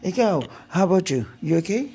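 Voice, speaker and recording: A woman's voice: fairly low pitch, sing-song, brisk, warm tone, breathy edge. A woman with a Filipino accent playfully interviewing children, teasing and coaxing them in a mix of English and Tagalog.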